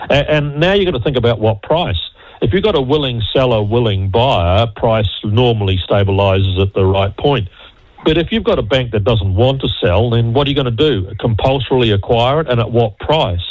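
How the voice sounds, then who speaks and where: Man, older, blunt, emphatic, low voice, dry muffled radio sound. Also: moderate pace, a little mellow, dry recording. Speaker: radio panelist. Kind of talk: political radio discussion.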